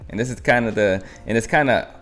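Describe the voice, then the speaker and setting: A man's voice: lowish voice, fast, fairly bright tone, faint music behind. A man hosting a live trading stream, narrating market moves in a rambling, think-aloud way.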